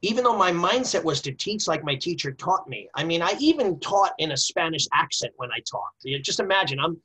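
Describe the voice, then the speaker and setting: A middle-aged man, a martial arts instructor and guest, telling stories from his training in an emphatic, animated way. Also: on the high side, fairly quick, husky, low-quality recording. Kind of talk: storytelling conversation.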